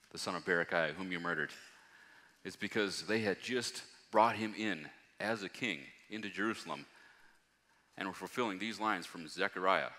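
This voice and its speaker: A man preaching a sermon, reading scripture aloud and rising to loud, emphatic passages. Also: low voice. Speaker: pastor. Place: church hall. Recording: long hall reverb.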